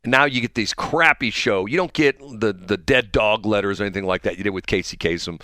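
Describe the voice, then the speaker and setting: A man's voice: fairly low pitch, fairly quick, sharp tone, no room sound. A middle-aged man hosting a live morning radio show in a joking, rambling manner, at a studio mic. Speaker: radio host.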